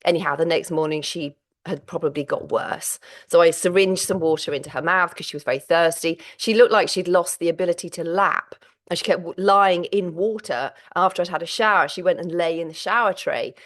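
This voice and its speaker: A middle-aged woman hosting her own vlog about menopause and sharing a candid personal update. She talks while exhausted and close to tears, with halting starts and restarts. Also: on the low side. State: physically and mentally exhausted.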